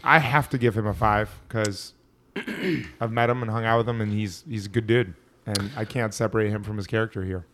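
A man's voice: lowish voice, steady tone, fairly quick, a bit bright, a little hiss or hum. A man co-hosting a podcast, recapping episodes in a loose, rambling way. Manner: loose and rambling, lots of fillers. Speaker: podcast co-host. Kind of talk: casual chat, recapping episodes.

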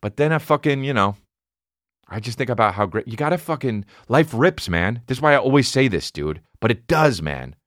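A man in his thirties, a comedian telling a rambling, profane story in casual chat, mumbling low one moment and shouting the next. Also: brisk, dry recording, clean studio sound. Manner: profane, animated, swings between mumbling and shouting.

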